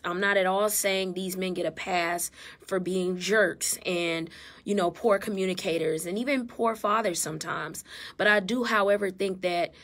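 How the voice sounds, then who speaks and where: A married mother and therapist, talking earnestly and with feeling in a casual live stream from her phone. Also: on the low side. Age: adult, married mother. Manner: earnest, heartfelt, emotional. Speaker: therapist and vlogger.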